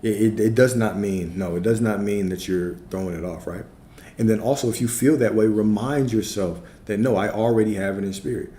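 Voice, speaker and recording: Man, livestream spiritual coach, low and warm, repeats lines, keeps asking right?, echoey room. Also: moderate pace. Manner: repetitive, checks in with frequent "right?"; laid-back, conversational. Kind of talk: livestream teaching, answering chat. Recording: roomy sound with faint background noise.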